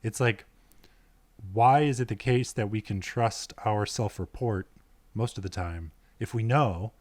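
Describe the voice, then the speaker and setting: Male author as podcast guest, low-ish voice, inquisitive and reflective, dry close recording. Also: measured pace, dry recording. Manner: inquisitive, thoughtful, questioning. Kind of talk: casual conversation.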